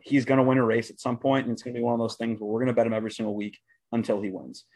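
A relaxed man co-hosts a casual sports podcast. He talks through betting tips with easy fillers. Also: medium pitch, rapid-fire. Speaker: podcast co-host.

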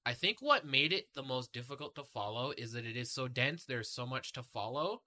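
A man hosting a casual podcast chat about a film, talking in an animated, rambling way. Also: mid-range voice, brisk. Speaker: podcast host.

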